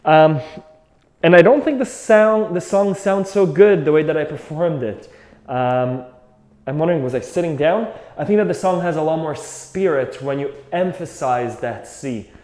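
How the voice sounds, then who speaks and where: Male accordion teacher, slightly high voice, casual and thinking aloud, in an echoey room. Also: moderate pace, a little mellow. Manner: thinks aloud, loose and reflective. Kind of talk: casual music lesson. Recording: roomy echo, faint accordion.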